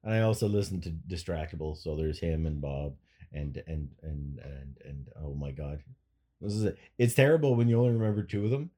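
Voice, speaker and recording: A man's voice: rumbling low, brisk, dark tone. A man co-hosting a podcast, rambling through jokes and stories in casual chat, often restarting his sentences. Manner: rambling, joking, trails off and restarts. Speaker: podcast co-host.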